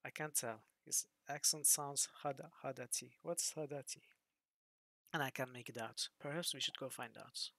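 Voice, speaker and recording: A man's voice: medium pitch, fairly even intonation, normal speed, vocal fry, sharp tone, no echo. A man voicing a cautious young male adventurer, reading a game's dialogue aloud.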